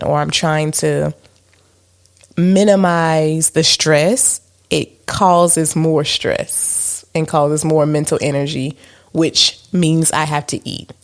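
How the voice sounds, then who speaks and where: A woman's voice: low-pitched, creaky. A woman co-hosting a podcast in a casual chat, candid and self-mocking, with many fillers. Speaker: podcast co-host.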